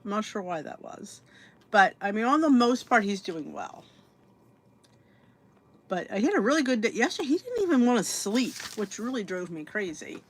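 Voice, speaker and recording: A woman's voice: mid-range voice, very animated, normal speed. A woman hosting a casual livestream podcast, chatty and a bit scattered, talking to herself while she sets up. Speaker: podcast host.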